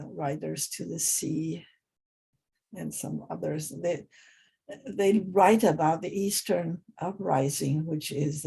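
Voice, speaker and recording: A woman gives a relaxed English lesson at an unhurried pace. Her voice is gravelly with a husky edge, and she often stops and restarts mid-sentence. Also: deep voice. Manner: halting, with many pauses and restarts. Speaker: English teacher. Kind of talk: informal spoken lesson.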